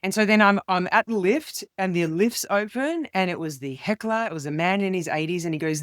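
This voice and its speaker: An expressive woman, a comedian, telling a story as an interview guest. Her voice sits at a middling pitch and leaps high when she mimics the people she quotes. The sound is close and dry. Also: a little fast, no echo.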